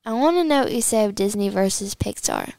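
A woman's voice: medium pitch, lively intonation, fairly quick, vocal fry, darkish tone, dry recording. A woman co-hosting a casual studio chat, bubbly, giggly and easily flustered. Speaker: co-host.

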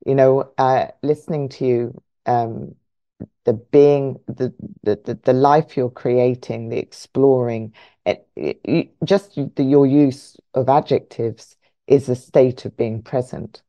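A woman podcast host speaking in a reflective, measured way, pausing to search for her words as she responds to her guest. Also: rumbling low, fairly even intonation, no room sound. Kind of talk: reflective interview talk. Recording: dry dull lo-fi sound.

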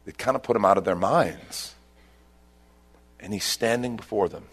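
A man preaching a sermon as pastor, telling a scripture story with emphatic bursts and quieter reflective stretches. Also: lowish voice, normal speed, slightly rough, faint music behind.

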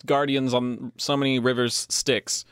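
A man's voice: medium pitch, level tone, a bit bright, smooth, no room sound, clean studio sound. Joking young male podcast co-host. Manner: joking, quick with riffs. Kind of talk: casual comedic chat.

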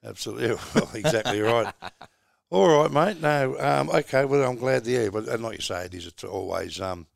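A man's voice: mid-range voice, fairly quick, gravelly, dry recording, studio quality. A middle-aged Australian man hosting a podcast, chatting in a laid-back, rambling way and calling his co-host mate. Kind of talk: casual chat.

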